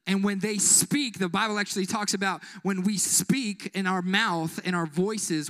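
High, bright-voiced young preacher, joking. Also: male voice. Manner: call-and-response, joking, acts out quick voices. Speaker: youth pastor. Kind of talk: energetic youth sermon. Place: church building.

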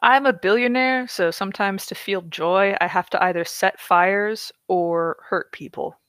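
A woman's voice: medium pitch, unhurried, a bit bright, smooth, no echo. A woman co-hosting a comedy podcast, reading a novel aloud and mocking it in casual chat. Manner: sarcastic, mocking.

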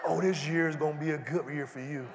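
High-voiced preacher in an echoey hall. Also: male voice, fairly even intonation, quick pace, heavy background noise. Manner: preachy call-and-response, builds to shouting. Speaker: pastor. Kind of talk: sermon. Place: large church hall.

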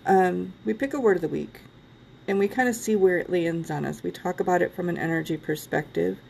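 A woman hosting a casual podcast talks in a low, gravelly voice. She rambles a little and laughs often. There is a faint hiss behind her. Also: dark tone. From Ohio. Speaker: podcast host.

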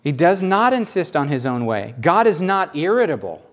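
Brief: Southern male preacher, sermon, slightly high voice, very animated and emphatic delivery. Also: moderate pace, hardly any pauses. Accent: Southern American.

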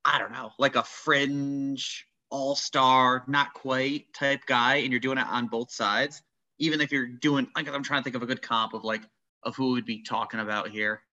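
A man's voice: medium pitch, fairly even intonation, normal speed, pushed and bright. A man in a casual sports chat, thinking aloud and searching for words. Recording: dull lo-fi audio.

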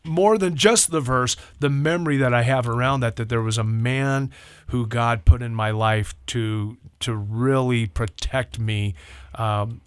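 An older man, a pastor, telling a personal story in casual talk, acting out voices with lively rising pitch. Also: unhurried, clean tone, no room sound. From Southern California. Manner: animated, acts out quoted voices with rising pitch.

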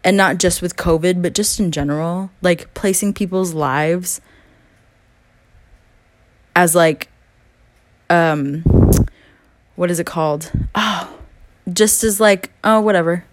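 A woman's voice: lowish voice, takes it slowly, pauses often, no echo. A young woman in a late-night rant, angry and profane, with heavy emphasis on her words. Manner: mocking whiny voice when imitating others. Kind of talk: late-night ranting monologue.

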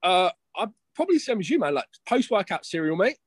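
A man's voice: high-pitched, sing-song, quick pace, slightly rough, no echo. A young man chatting casually as a guest, rambling, swearing and calling everyone mate and bro. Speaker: guest, competing bodybuilder. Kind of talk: casual chat.

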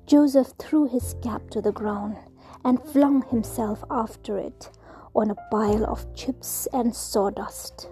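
A woman whispering a story aloud in a soft, slow, hushed reading. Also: fairly high pitch, steady tone, soft background music.

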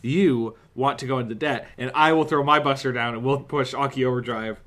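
A man's voice: mid-range voice, fairly even intonation, brisk, a bit bright. A man co-hosting a casual podcast chat, building up his jokes with dry, wry timing. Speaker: podcast co-host.

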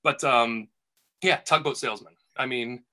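A man's voice: medium pitch, a little slow, sharp tone. A man casually telling a rambling golf caddy story on a podcast, full of restarts and asides.

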